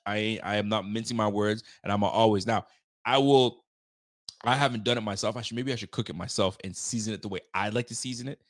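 A man's voice: fairly low pitch, dry recording, studio quality. Slangy, joking male sports host. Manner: loose, joking, slangy and laughing often. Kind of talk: casual post-game reaction chat. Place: Nova Scotia.

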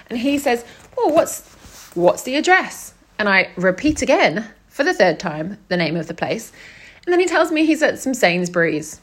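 Animated, exasperated woman vlogger. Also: on the high side, normal speed. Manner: exasperated, animated retelling with acted-out quotes. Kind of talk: casual storytime chat.

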